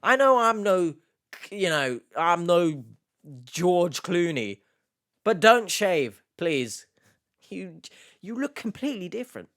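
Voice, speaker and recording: A man's voice: sits high, sing-song, takes it slowly, a bit bright. A man hosting a reaction video, commenting casually with sarcastic, mocking asides.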